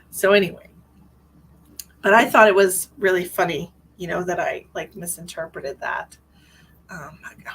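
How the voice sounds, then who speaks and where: A woman in her forties, a psychic medium chatting on a live stream, rambling and gushing, often laughing and breaking into high excited greetings. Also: gravelly, slight background noise, rough recording. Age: 40s. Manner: frequent restarts and fillers, sudden high excited greetings. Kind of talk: live-stream psychic reading, casual chat.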